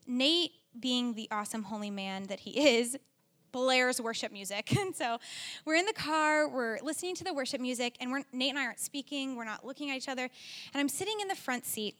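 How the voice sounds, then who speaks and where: Young woman preacher, high voice, frank and chatty, keeps checking in with the room. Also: a bit bright. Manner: candid and conversational, often checking in with "right?". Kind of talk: sermon.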